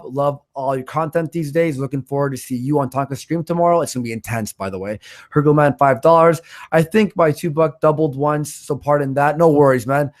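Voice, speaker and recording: A man hosting a livestream, reading out donations in blunt, swear-heavy casual chat, with a stutter and a voice roughened by smoking. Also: medium pitch. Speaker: livestream host.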